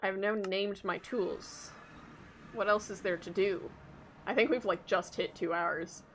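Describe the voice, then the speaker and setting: A woman's voice: medium pitch, measured pace, a little hiss or hum. A young Canadian woman with a Canadian accent, chatting casually to her viewers during a game stream, rambling with lots of fillers.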